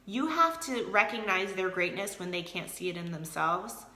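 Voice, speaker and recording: Woman, motivational team leader, live video chat. Bright, peppy tone, noticeable room echo. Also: mid-range voice, normal speed. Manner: energetic, motivational, talks to viewers by name. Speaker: team leader of a direct sales group.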